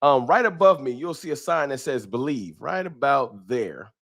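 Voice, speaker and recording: Man, live-stream host, casual slang, shouts out viewers by name, desk mic at home. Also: mid-range voice, expressive, normal speed. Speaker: livestream host. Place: home room with a wall sign. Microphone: desk microphone.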